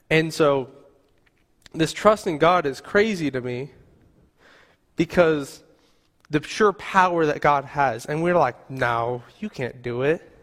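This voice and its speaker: A male youth pastor giving a casual, animated Sunday sermon in a church, sometimes acting out quoted voices. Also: a little high. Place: church sanctuary. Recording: long hall reverb.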